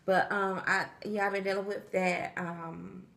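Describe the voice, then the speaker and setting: A woman's voice: mid-range voice, level tone, a little slow, creaky, a bit bright, reverberant. A tired woman vlogging in a casual, chatty way, talking straight to her viewers and acting out what people said. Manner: chatty, talks straight to viewers, acts out quotes. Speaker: pregnancy vlogger. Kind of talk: casual chat to camera.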